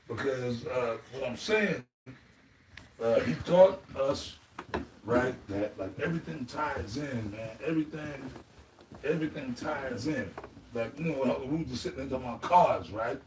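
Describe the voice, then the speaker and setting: A man leading an informal spiritual group talk, rambling and emotional, often ending phrases with "man.". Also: a little high. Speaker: elder in a religious group discussion. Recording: echoey room, distant mic, faint noise.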